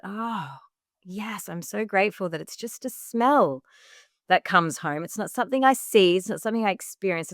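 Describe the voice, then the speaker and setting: With a lowish, creaky, somewhat bright voice, this woman tells her own story in earnest on a podcast, where she's a guest working as a women's health coach. She quotes things she once said and leans on "like" as filler, and the studio-quality audio has no echo.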